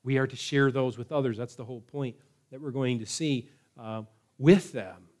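A man preaching a sermon in a measured way, slowing down to stress key words. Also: mid-range voice, darkish tone. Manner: measured preaching, slows for emphasis. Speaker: pastor.

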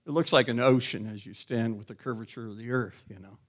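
A middle-aged pastor preaches a sermon, putting questions to the congregation and building to loud, emphatic calls. His voice is mid-range with fairly even intonation, and he speaks a little fast.

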